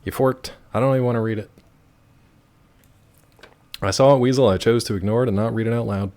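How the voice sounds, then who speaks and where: A man's voice: medium pitch, a little fast, darkish tone. A man streaming a video game live, chatting casually and answering his chat with wry asides.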